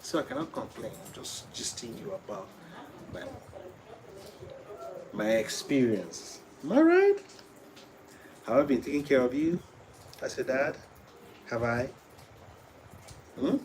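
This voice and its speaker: Slow-talking playful dad. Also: male voice, medium pitch, slight background noise, rough recording. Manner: playful, coaxing, repeats himself a lot. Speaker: live streamer and father. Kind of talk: casual live-stream chat.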